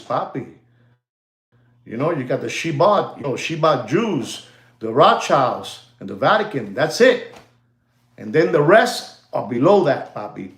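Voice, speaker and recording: A man hosts a casual livestream, talking in an animated, rambling flow and calling his viewers ladies and gentlemen. He drops Spanish phrases into his talk, and his voice sits a bit on the high side. The sound is roomy and echoey. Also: a little slow. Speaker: watch dealer hosting a livestream.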